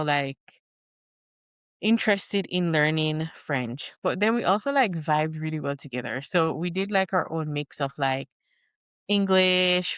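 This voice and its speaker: A young woman talks to camera in a relaxed, rambling way, her low voice unhurried and full of fillers. Her tone is smooth and clear, recorded close with a dry, roomless sound. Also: dry recording, dull audio. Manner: rambling, many fillers and restarts. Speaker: vlogger. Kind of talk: casual talking-head chat.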